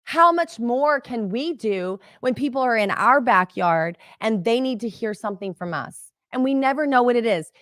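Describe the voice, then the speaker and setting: A middle-aged woman giving a motivational teaching talk as a business coach, animated and chatty, often addressing her listeners as "you guys". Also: fairly high pitch, moderate pace, hardly any pauses, dry recording, studio quality.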